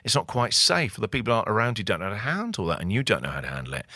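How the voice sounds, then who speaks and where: A middle-aged man with a bright, slightly low voice, recorded close and dry. He talks candidly and reflectively as an interview guest, slipping into animated voices when he tells a story. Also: racing, no echo. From England. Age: 40s.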